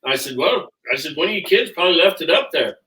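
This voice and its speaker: Older Kansas man, folksy easy storyteller, bright tone, roomy distant pickup. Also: fairly high pitch, animated. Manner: unhurried, folksy, with filler uhs. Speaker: guest, rodeo father. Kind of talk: casual storytelling. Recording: roomy sound from a distant mic.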